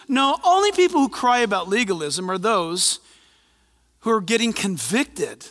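Lively bright-voiced male preacher in a hall. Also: high-pitched, measured pace. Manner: animated, conversational preaching with asides and humor. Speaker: pastor. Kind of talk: sermon. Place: church.

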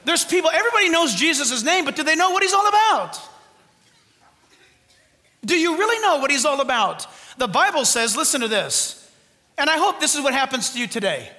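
A man preaching a sermon as pastor to his church, exuberant, loud and fervent, joking with the congregation between points. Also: very high-pitched, very animated, fairly quick, long pauses, in a large hall. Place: church sanctuary.

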